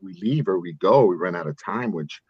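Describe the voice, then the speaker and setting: A man's voice: deep voice, animated, brisk, slightly rough, dry recording. A man hosting a casual interview, enthusiastic and effusive, often stumbling and restarting. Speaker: podcast host. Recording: dull dry podcast mic.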